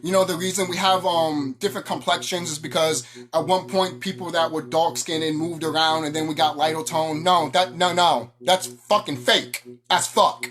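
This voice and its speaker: A woman's voice: low voice, fairly even intonation, moderate pace, hardly any pauses, a bit bright. A woman vlogger delivering an angry, profane, confrontational monologue to her viewers. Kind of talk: ranting monologue to camera.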